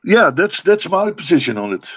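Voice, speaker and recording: A man's voice: sits high, sing-song, moderate pace, dry recording, highs cut off. A man in a heated casual debate on a live online panel, defensive, repeating himself and stumbling over restarts. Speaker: panel guest. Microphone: online call.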